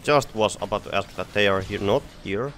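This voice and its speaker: A man's voice: on the low side, fairly quick, a bit bright. A man streaming a shooter game, commenting in frustrated outbursts and swearing. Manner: frustrated, swearing, exclaiming in disbelief. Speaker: gamer streamer. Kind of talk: live gameplay commentary. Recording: faint noise and game gunfire behind.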